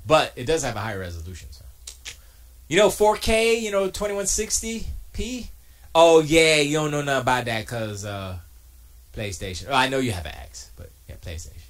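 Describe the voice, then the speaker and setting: A man with a mid-range voice, speaking at normal speed, streams from his home studio. He chats casually, answers his chat, and jokes and argues animatedly.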